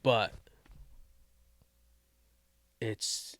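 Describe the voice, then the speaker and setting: A man's voice: drawn-out words, fairly bright tone, no room sound. A man in his thirties with a New England accent, chatting easily as a podcast guest and laughing often. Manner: easygoing, laughs often, short reactions. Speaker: podcast guest, basketball coach, dad. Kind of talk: casual chat.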